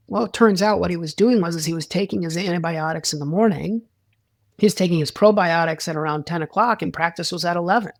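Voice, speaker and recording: A man's voice: on the high side, fairly quick, dry recording, clean studio sound. A man, a sports psychologist, talking as a guest in a casual interview, rambling with restarts and acting out quoted dialogue.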